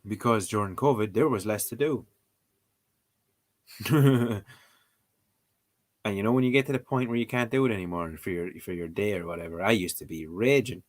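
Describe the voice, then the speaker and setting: This young Irish vlogger chats casually, playfully exasperated, and repeats words while trying them out. His voice is lowish, his pace moderate, and he pauses often.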